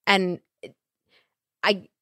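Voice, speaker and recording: A woman hosting a podcast, gushing warmly in casual chat. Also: drawn-out words, dry recording, clean studio sound. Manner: gushing, effusive. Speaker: podcast host.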